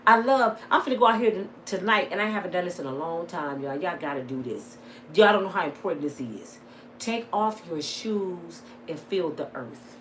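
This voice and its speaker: A middle-aged woman talking to her viewers in a casual vlog, swinging from lively storytelling to heated, preaching talk. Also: on the low side, normal speed, a little hiss or hum. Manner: plain-spoken, addresses viewers as y'all. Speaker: vlogger. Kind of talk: casual storytelling and emotional monologue.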